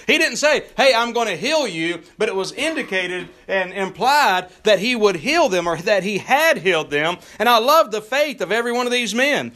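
Guy preaching, pretty high voice, bright and a bit sharp, lots of uh's and folksy asides. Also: big pitch swings, normal speed, hardly any pauses. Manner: preaching with scripture reading in King James wording, drawn out for emphasis; folksy asides with frequent "uh" fillers. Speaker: pastor. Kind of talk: sermon.

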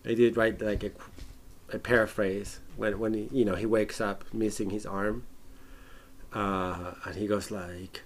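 A man in a casual film discussion podcast, animated, acting out scenes in exaggerated voices and laughing often. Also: fairly low pitch, measured pace.

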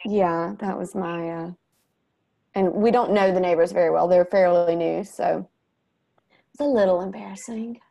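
A woman's voice: fairly low pitch, normal speed, creaky, highs cut off. A woman, chatting casually and telling funny family stories. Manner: chatty storyteller, animated when quoting. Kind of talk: casual chat.

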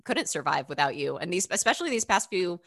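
Bright-voiced gushing woman host. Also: lowish voice, sing-song, quick pace. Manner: gushing, effusive and affectionate. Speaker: podcast host. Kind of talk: warm casual interview chat. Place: Los Angeles.

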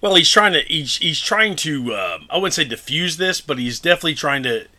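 A man's voice: on the high side, sing-song, a little fast, pushed and bright. A man co-hosting a podcast, adding details and dry asides in casual chat about a movie. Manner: chimes in with corrections and dry asides. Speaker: podcast co-host.

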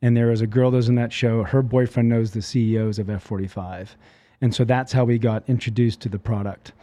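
Fast-talking man with a dark voice. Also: mid-range voice, no echo. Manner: rapid, animated storytelling full of fillers. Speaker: fitness franchise owner. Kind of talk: casual interview chat.

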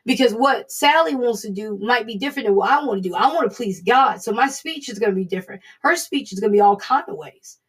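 A woman's voice: on the high side, expressive, fast, hardly any pauses, slightly rough. A woman giving an earnest, conversational devotional Bible teaching, speaking encouragingly as a Bible study teacher.

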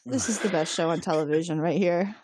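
A woman's voice: fairly low pitch, brisk. A woman co-hosting a podcast who recaps a TV episode in a casual way. She laughs a lot and swears freely. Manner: animated, laughs often, profane. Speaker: podcast co-host.

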